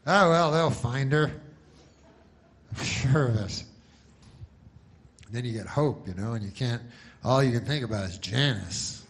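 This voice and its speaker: A man doing stand-up comedy, telling a long story in a deadpan, rambling way. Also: mid-range voice, unhurried, long pauses.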